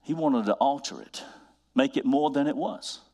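A man preaching a sermon, building to emphatic repeated refrains and drawing out scripture quotes slowly. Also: mid-range voice, mellow. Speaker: pastor.

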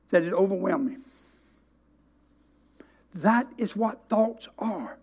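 A preacher, a man whose voice sits notably high for a man. He tells a story from the pulpit with emphatic delivery, stretching certain words out slowly for weight. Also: expressive, darkish tone, slightly rough. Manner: storytelling, emphatic, with dramatic slow stresses. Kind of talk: sermon.

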